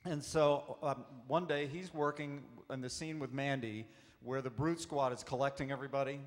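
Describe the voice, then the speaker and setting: A man, an actor, telling animated anecdotes at a convention panel, acting out the voices in his stories. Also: mid-range voice, moderate pace. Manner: warm, animated storyteller acting out quotes. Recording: echoey convention hall.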